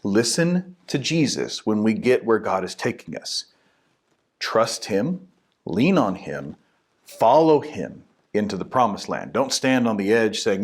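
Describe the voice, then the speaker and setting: A man's voice: on the low side, unhurried, breathy edge. A young man, a minister, giving a short casual devotional talk in a conversational way. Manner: conversational, animated, acts out quotes.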